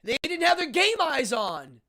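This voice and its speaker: A man's voice: extremely high pitch, unhurried. A middle-aged man from Pennsylvania hosting a livestream, casually telling a childhood story and acting out voices. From Altoona, Pennsylvania. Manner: animated, acts out other people's voices in quotes. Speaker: host.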